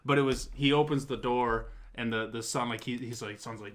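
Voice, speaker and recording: Excitable man telling a movie story. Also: mid-range voice, moderate pace. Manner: excitable, swearing, animated storytelling. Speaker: talk show co-host. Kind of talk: casual chat.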